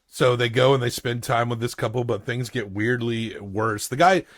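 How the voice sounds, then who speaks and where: A man's voice: mid-range voice, normal speed, dry recording, clean studio sound. A man co-hosting a podcast, recapping a film plot in casual chat with wry asides. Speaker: podcast co-host. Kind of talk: casual movie review chat.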